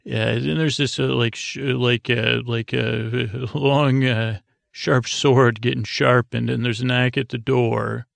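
A man rambling through a loose, filler-heavy recap, paraphrasing scenes in casual slang, with a gravelly, fry-laden voice. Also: mid-range voice, flat delivery, takes it slowly, fairly bright tone, dry recording. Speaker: podcast host.

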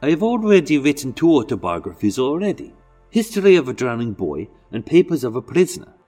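A man's voice: mid-range voice, sing-song, a little fast, dark tone, soft background music. A man putting on a Welsh accent to read out a letter in a mock-earnest, lilting way. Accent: put-on Welsh.

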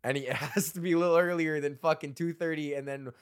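A man's voice: a little high, steady tone, fast talker, smooth. A man in his thirties hosting a solo comedy podcast, reading out old jokes, rambling and swearing, laughing at his own material.

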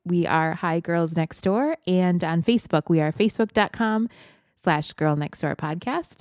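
A woman's voice: lowish voice, moderate pace, darkish tone, no echo, studio quality. A woman in her thirties co-hosting a podcast, telling stories in a casual, chatty way and laughing often. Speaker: podcast co-host. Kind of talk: casual chat.

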